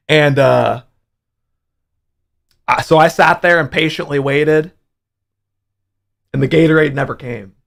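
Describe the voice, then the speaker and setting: Young man, gravelly voice, slightly high, profane animated livestream storyteller. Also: takes it slowly, long pauses. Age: young adult. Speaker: livestream host.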